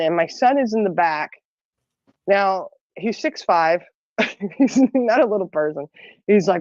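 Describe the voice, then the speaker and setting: A woman's voice: fairly low pitch, moderate pace, darkish tone, no room sound, highs cut off. A middle-aged woman telling a long story in casual chat, rambling and laughing often. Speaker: podcast co-host.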